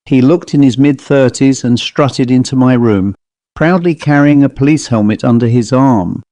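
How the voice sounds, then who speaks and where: A man reading his own first-person ghost story aloud in a measured, suspenseful way. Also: medium pitch, warm tone, no echo. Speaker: author and reader. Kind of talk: first-person scripted narration.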